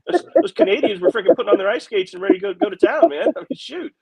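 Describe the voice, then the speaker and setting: An American man and veteran hosting a podcast, animated and laughing, stumbling and swearing as he tells stories. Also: extremely high pitch, fast talker, creaky, crowd noise, low-quality recording. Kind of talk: casual chat.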